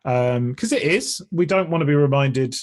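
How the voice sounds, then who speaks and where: A man's voice: on the high side, animated, normal speed. A man with an English accent, a comedian and streamer talking as a guest on a podcast, earnest and chatty, often restarting his sentences. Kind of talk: casual conversational interview.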